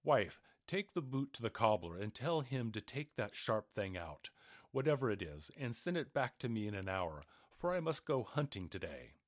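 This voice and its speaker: A big, lazy giant bellows at his wife, bossy and quick to blame, his voice swinging up in loud outbursts, played by a man reading the tale. The read is dry and close, with no room around it. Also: lowish voice, sing-song, no room sound. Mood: angry blustering. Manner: blustering, demanding.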